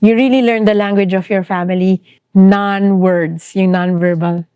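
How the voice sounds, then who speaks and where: A middle-aged Filipino woman with a Filipino accent talks as a guest therapist on a podcast. Her delivery is animated and expressive, and the recording is close and dry. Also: mid-range voice, normal speed, smooth, no room sound. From Philippines. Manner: animated, switches between English and Tagalog. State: grieving. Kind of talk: conversational podcast interview.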